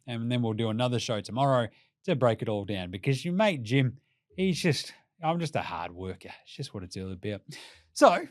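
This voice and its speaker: A man's voice: a little high, no room sound, clean studio sound. A young Australian man hosting a podcast, giving a mocking, sweary rant of casual commentary. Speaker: podcast host.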